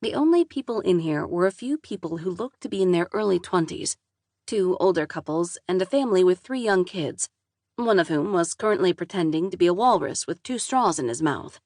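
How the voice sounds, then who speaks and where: A woman's voice: fairly low pitch, lively intonation, fairly quick, darkish tone, no echo, studio quality. A woman narrating a first-person novel in a wry, exasperated voice, with casual swearing. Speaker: audiobook narrator.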